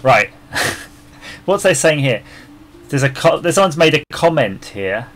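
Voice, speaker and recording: A man hosting a live stream chats casually as he designs a circuit board, laughing often and muttering to himself while searching. His fairly bright voice sits on the high side with a sing-song lilt and a slightly slow pace, and his microphone sits about three feet from him.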